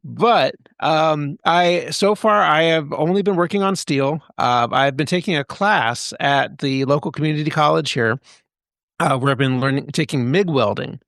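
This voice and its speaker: Halting, rambling podcast man. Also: fairly high pitch, a bit bright, dry recording, studio quality. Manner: rambling, halting, many fillers. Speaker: podcast co-host. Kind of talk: casual chat.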